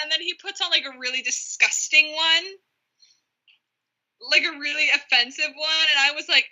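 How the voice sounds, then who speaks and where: Young woman co-host, high voice, casual chat, lively self-mocking anecdotes. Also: normal speed, rough recording. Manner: animated, self-deprecating storytelling. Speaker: booktube co-host. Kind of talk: casual chat among friends.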